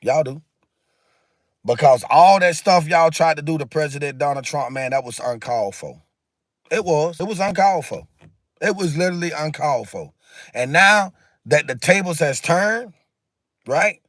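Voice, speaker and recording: A man's voice: a little high, lively intonation, normal speed, long pauses, fairly bright tone, no echo, studio quality. A man hosting a casual livestream, talking emphatically and repetitively in a preachy way while answering viewer comments. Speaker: livestream host.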